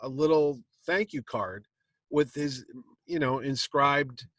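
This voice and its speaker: A man at a convention panel spins a long, animated anecdote and slips into the voices of the people in it. His voice sits at a middling pitch. The sound is dry and close, with little room around it. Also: slow, no echo. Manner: lively anecdote, acting out quotes. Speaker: comic con panel host telling a story. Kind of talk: animated storytelling. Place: convention stage.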